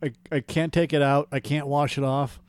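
A man's voice: on the high side, little pitch movement, moderate pace, clean tone. A man co-hosting a comedic podcast, reading a listener's post aloud in a mock-formal way and laughing at crude jokes. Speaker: podcast co-host.

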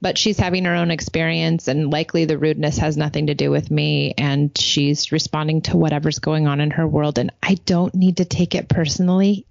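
A woman's voice: low-pitched, flat delivery, fairly quick, gravelly, hardly any pauses, darkish tone, no echo. A woman co-hosting a parenting podcast in casual chat, a chatty storyteller who acts out the quotes she tells. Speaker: podcast co-host. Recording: dull, dry podcast audio.

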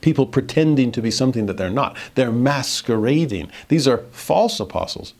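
A middle-aged man teaching a verse-by-verse Bible lesson in a medium-pitched voice. He reads passages aloud, then breaks into easy conversational commentary with dry humor. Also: expressive, moderate pace, darkish tone. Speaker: scripture teacher.

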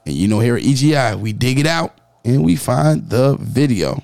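A man hosting a podcast, reading news stories in a lively, joking way. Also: medium pitch, moderate pace, vocal fry, no echo. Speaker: podcast host. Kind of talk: casual podcast news chat.

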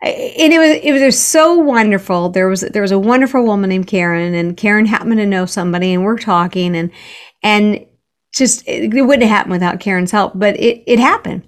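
A woman's voice: mid-range voice, a little fast. An earnest woman author telling stories as a guest, often restarting her sentences. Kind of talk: conversational interview.

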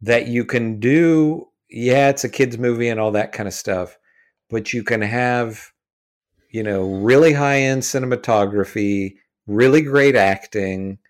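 A man's voice: medium pitch, unhurried. A man co-hosting a podcast, talking films in a rambling, hedging way with many restarts. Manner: rambling, hedging, restarts, keeps asking "you know what I mean". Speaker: podcast co-host. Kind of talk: casual film discussion.

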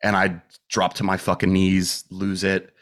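A man's voice: sits low, completely flat delivery, a little slow, fairly bright tone. A man guest on a podcast, telling a personal story in casual, candid talk full of swearing and fillers. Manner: rambling with restarts and fillers like "dude" and "like". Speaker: podcast guest, metal musician.

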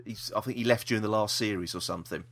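A man's voice: fairly low pitch, fast talker, fairly bright tone. A man co-hosting a casual podcast chat, rambling with restarts and laughter. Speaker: podcast co-host.

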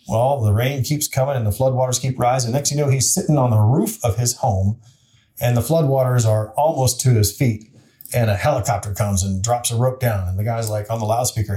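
He talks a little fast, his voice medium-pitched and warm. In his forties and serving on the city council, he's an interview guest relating a story with earnest, plain candor and frequent restarts.

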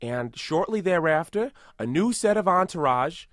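Brief: man playing a boastful tough-guy celebrity, rambling and absurd, fairly high voice, dry close mic. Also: normal speed, no echo. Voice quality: rambling, self-aggrandizing, deadpan absurd. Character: boastful tough-guy movie star impression, male adult. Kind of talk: improvised comedy podcast.

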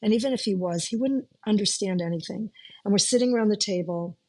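A woman's voice: mid-range voice, fast, a little mellow. A middle-aged woman from the United States telling her life story in an interview, speaking conversationally and emotionally, with many restarts and fillers.

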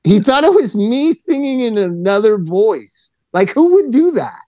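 A middle-aged man co-hosting a podcast, telling a long story in casual chat and acting out the quotes in a lowered voice. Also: sing-song, measured pace, mellow, no room sound. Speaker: podcast co-host.

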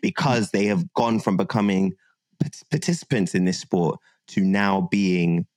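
A man chatting casually on a podcast, animated and given to loud bursts of laughter. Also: low voice, measured pace, no room sound. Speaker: podcast guest. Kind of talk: casual chat.

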